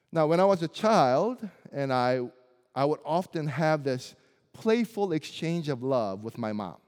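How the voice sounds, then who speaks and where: Man preaching, native Korean speaker, slow and earnest, with a long hall echo. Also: fairly high pitch, very animated, darkish tone. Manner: earnest, emphatic, builds through lists of rhetorical questions. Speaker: pastor. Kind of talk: sermon.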